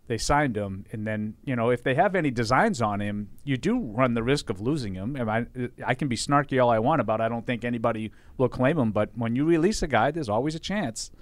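A man's mid-pitched voice, recorded close and dry with no room sound. He talks through the analysis in a measured, slightly wry way. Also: dry recording. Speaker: regular co-host. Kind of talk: casual sports analysis.

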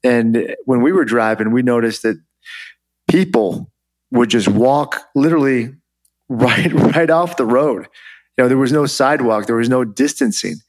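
A man who served in the Army, a podcast guest telling stories in a relaxed, chatty way with many fillers. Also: mid-range voice, measured pace. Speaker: guest, former Army officer. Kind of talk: interview storytelling.

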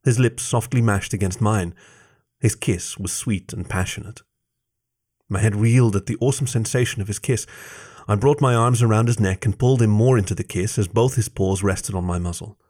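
A man narrating a first-person story aloud in a measured, soft-spoken reading. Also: lowish voice, slightly rough. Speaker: story reader.

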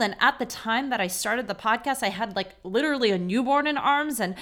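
A woman in her thirties hosts an unscripted solo podcast, speaking off the cuff in a fairly high, fairly bright voice. She's candid, quick, and chatty, saying "like" a lot.

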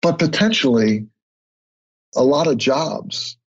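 A man, a guest on an interview podcast, telling stories in a conversational way and getting animated when he acts out other people. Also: a little high, takes it slowly. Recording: husky voice, dull lo-fi audio.

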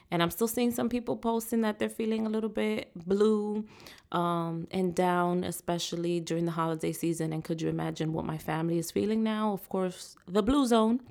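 A woman's voice: on the low side, creaky, darkish tone. A woman hosting a solo podcast, talking to listeners with uplifting, preacher-like encouragement. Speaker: podcast host.

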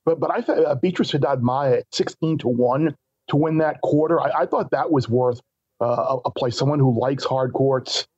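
A man's voice: medium pitch, moderate pace, a little mellow, slightly rough. A man calls in as a guest on a betting talk show, speaking in a stop-start way and doubling back on his words. His voice comes through a dull, muffled line with a dry, close sound and no room echo. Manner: stop-start, repeats words while thinking. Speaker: guest sports bettor.

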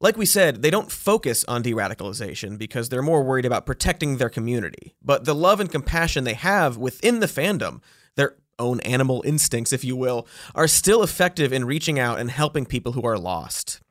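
Lively man host narrating, dry sound. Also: mid-range voice, brisk, dry recording. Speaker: podcast host. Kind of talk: scripted narration.

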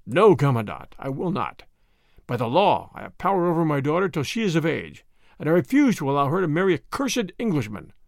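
A man's voice: a little high, sing-song, brisk, vocal fry, dry recording, clean studio sound. A man voicing a stubborn, sullen Boer father who speaks sulkily and flares into anger. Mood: angry. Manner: sulky and stubborn.

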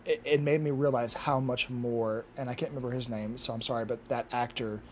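A man's voice: mid-range voice, steady tone, fairly quick, a little mellow, slight background noise. Enthusiastic man chatting on a podcast. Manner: enthusiastic, many fillers like "like". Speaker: podcast co-host. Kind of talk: casual chat.

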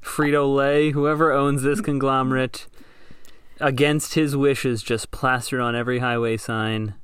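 A man co-hosting a casual podcast, playful and jokey, with animated exclamations. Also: mid-range voice, unhurried, smooth, dry recording, clean studio sound. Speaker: podcast co-host.

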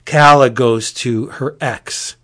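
A man chatting casually as a podcast host, retelling a comic in a rambling, animated way. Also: mid-range voice, slow. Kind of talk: casual chat.

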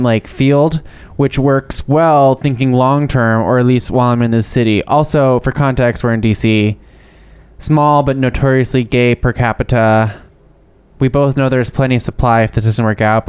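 A man co-hosting a podcast in casual chat, reading listener letters and an ad, animated and playful, laughing often. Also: medium pitch, smooth. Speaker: podcast co-host.

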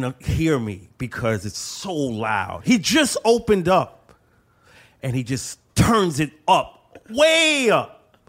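A man telling stories slowly and with animation, full of street slang. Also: on the high side. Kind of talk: casual chat.

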